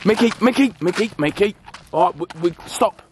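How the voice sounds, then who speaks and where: A young man speaks in a high voice, filming a skit outdoors at night. Faint background noise sits behind him. He moves between loud pleading commands and a calm talk to the camera. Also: normal speed. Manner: shouting pleas and commands, then calm to-camera wrap-up. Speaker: vlogger. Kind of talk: acted skit vlog.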